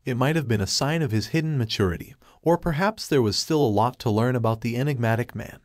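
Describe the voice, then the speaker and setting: A man's voice: medium pitch, quick pace, dry recording. Man narrating fan fiction, dry.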